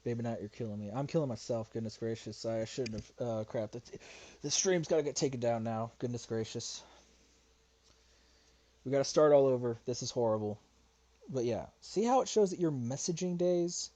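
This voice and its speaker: A mellow, mid-range male voice moves at a moderate pace through casual livestream commentary on a response video. He rambles, gets frustrated while hunting for something, and swears and mutters to himself.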